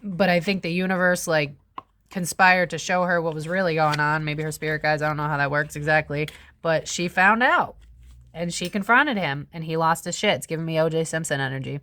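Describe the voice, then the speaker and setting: A young woman hosting a casual tarot reading, chatty and animated, swearing freely as she talks through the cards. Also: sits low, a little fast. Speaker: tarot reader host.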